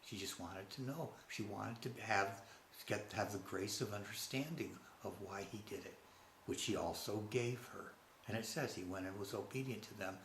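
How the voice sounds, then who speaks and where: A man giving an unscripted religious reflection, halting and rambling with frequent restarts. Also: lowish voice, slight background noise. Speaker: religious speaker. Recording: roomy with faint ambience.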